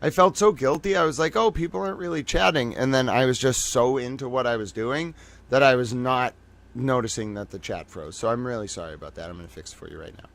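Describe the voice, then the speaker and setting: A man hosting a late-night livestream, tired from a long day, talking in an excitable, rambling, profane way to his viewers. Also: medium pitch, brisk. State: tired from being up all day. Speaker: livestream host.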